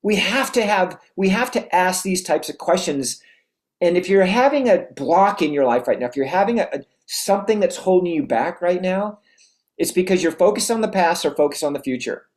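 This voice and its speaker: A motivational coach giving an energetic talk to an audience taking notes, asking repeated rhetorical questions and often restarting phrases. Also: mid-range voice, normal speed.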